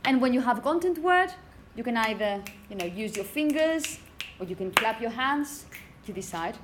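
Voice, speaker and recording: Higher-voiced woman teaching phonetics. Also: animated, moderate pace, very noisy. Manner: explanatory, checks in with "okay?" and "yeah?"; demonstrates rhythm by chanting example phrases. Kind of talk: lecture to teachers.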